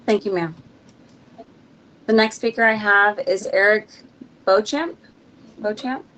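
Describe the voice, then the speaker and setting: A woman's voice: mid-range voice, steady tone, slow pace, a bit bright, low-quality recording. Woman running a hearing, short businesslike cues, a bit of hiss. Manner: brief, businesslike. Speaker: hearing moderator. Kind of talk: procedural announcements.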